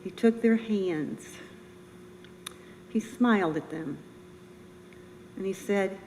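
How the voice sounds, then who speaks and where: An older woman giving a personal memorial speech as a bereaved military mother, earnest, halting and emotional. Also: medium pitch, darkish tone. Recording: reverberant room with faint noise.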